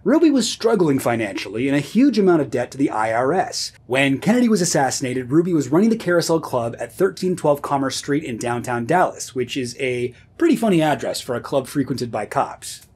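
A man who hosts his own video series, narrating history in a comedic scripted style with sardonic deadpan asides. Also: mid-range voice, fairly quick, few pauses, husky. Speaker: video host.

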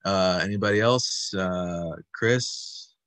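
A man's voice: deep voice, slow pace, a bit bright, no room sound. A man instructing an online puppetry workshop over a video call, patient and encouraging as he explains step by step.

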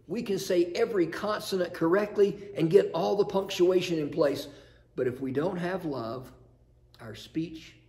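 A male pastor delivers a sermon in a chapel with an earnest, storytelling manner. His voice sits a little higher than most men's. He lands rhetorical questions and answers them plainly. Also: a little mellow.

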